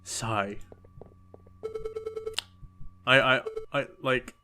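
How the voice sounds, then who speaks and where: A man's voice: medium pitch, level tone, takes it slowly, pauses often, pushed and bright, smooth. A man commentating his own video game playthrough, making joking, self-mocking asides. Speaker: gaming channel host. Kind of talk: let's play commentary. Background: game music.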